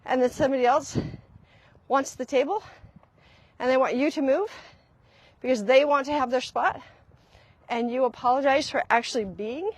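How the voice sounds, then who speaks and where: Husky-voiced woman coaching on relationships. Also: high-pitched, normal speed, long pauses. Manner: emphatic, repeats key phrases, acts out quoted apologies. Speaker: relationship skills coach hosting a live talk. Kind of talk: casual live talk.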